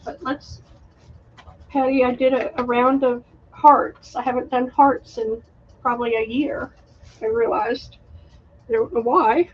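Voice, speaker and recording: A woman hosting a live online craft sale, chatty and unhurried, showing handmade items and reading out winning bidders. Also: sits high, highs cut off, slight background noise. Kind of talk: live online sales stream.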